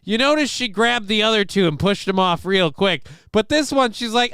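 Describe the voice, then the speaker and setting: Dude hosting a stream, brightish clear voice, dry close mic, jokey and crude. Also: male voice, high-pitched, lively intonation, normal speed, few pauses, no echo. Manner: crude joking, acts out voices. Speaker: show host. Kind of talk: casual livestream commentary.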